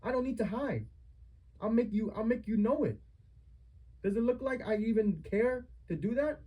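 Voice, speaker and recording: A man's voice: very high voice, lively intonation, normal speed, pauses often, husky, lo-fi sound. A young man in a heated family argument, confronting his mother with accusing, repetitive rhetorical questions.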